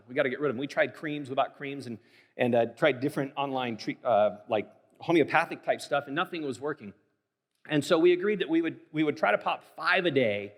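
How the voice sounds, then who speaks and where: A man in his thirties preaching from a church stage, his voice sitting a little high for a man. He tells his story candidly and with animation, stumbling through fillers as he goes. A long reverb trails each phrase through the large church hall. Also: fairly bright tone. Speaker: pastor. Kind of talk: sermon with personal storytelling. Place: church sanctuary.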